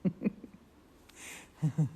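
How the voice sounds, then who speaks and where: A woman hosts a casual phone live stream from a quiet converted church studio, telling rambling stories and laughing often. She speaks very slowly, and there's a little hiss or hum.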